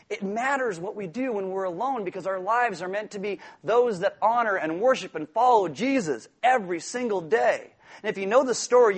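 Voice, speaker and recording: A man preaching a sermon in an animated, joking way, acting out quoted voices. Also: sits high, breathy edge. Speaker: pastor.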